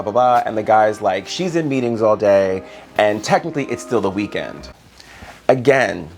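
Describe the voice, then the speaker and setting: A man's voice: fairly low pitch, creaky. A man vlogging a storytime, animatedly acting out the voices of the people in it. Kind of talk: storytime vlog.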